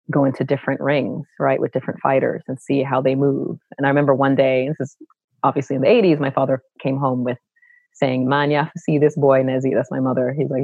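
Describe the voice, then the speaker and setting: A middle-aged woman from Brooklyn with a low contralto voice, telling her stories expressively as a guest in a conversational interview. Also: no room sound, narrow, tinny audio. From Brooklyn, New York. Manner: expressive, animated storyteller who acts out quoted voices. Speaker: guest, actor and educator.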